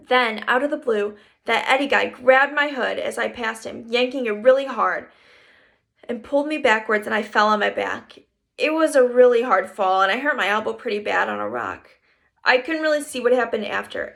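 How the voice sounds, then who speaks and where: A woman reading a first-person children's story aloud in a lively storytelling manner. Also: a little high, creaky. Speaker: reader. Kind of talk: audiobook narration.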